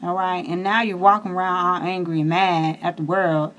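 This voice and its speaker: A woman's voice: lowish voice, level tone, moderate pace, fairly bright tone. Chatty woman giving a tarot reading. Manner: chatty, reassuring, addresses viewers directly. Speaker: tarot reader. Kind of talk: casual astrology reading.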